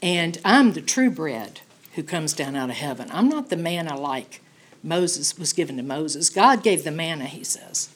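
A middle-aged woman teaching a Bible study in an animated, emphatic, conversational way, often checking in with "okay?". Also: low voice, a little slow, slight background noise.

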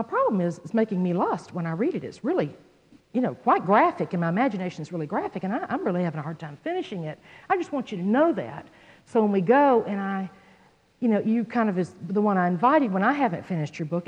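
Animated woman teaching in echoey hall. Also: mid-range voice. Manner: animated storyteller, acts out quoted voices. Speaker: Bible teacher. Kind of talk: sermon with personal story. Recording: dull sound in a hall with long echo.

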